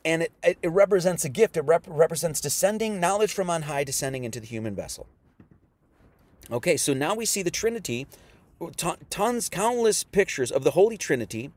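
Rambling preacher man, slightly high voice. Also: expressive, brisk. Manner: rambling, repeats himself, reads scripture aloud. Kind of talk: online sermon lesson.

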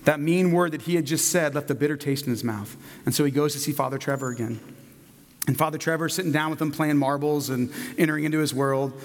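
A man preaching, telling a children's story in a gentle, narrative manner. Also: a little high, fast, in a large hall. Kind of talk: sermon storytelling.

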